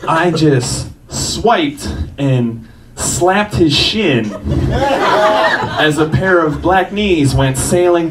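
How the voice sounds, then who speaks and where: A man telling a self-mocking personal story on stage, often laughing through his lines. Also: on the high side. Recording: distant mic with noise.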